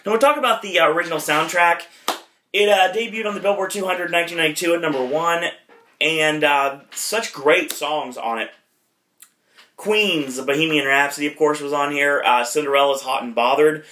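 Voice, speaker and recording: A man's voice: on the high side, normal speed, pushed and bright, slight background noise. A man hosting a casual movie retrospective podcast, rambling with lots of fillers and self-deprecating asides. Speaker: podcast host.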